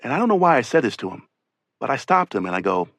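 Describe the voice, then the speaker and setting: A man's voice: mid-range voice, very animated, fast, vocal fry, a bit bright, no echo. A man reads an oral history aloud in a conversational first-person voice, as though he were the rescuer himself. His voice sits in an ordinary middle register, recorded close and completely dry. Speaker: audiobook narrator. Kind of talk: oral history audiobook reading.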